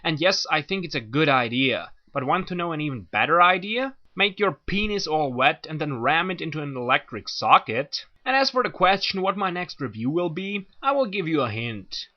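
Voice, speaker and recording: A man chatting casually to his viewers as an anime reviewer, joking, crude and sarcastic, in a dull lo-fi recording. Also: a little high. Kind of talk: casual video chat.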